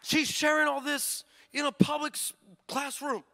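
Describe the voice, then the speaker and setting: A male pastor preaching a sermon, telling stories with lively energy, acting out the people in them, and bursting into shouts. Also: very high-pitched, normal speed, some chatter behind, a little hiss or hum. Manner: acts out the people in his stories.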